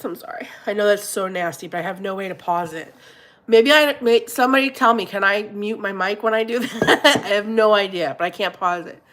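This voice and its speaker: A middle-aged woman with a stuffy nose hosting a casual livestream, chatting with her viewers and greeting them warmly by name. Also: mid-range voice. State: congested, blowing her nose. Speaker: livestream host reading viewer chat.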